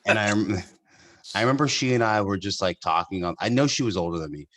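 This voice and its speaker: A man's voice: lowish voice, brisk, a bit bright. A man hosting a podcast, telling stories in casual chat, laughing often and restarting his sentences. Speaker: podcast host.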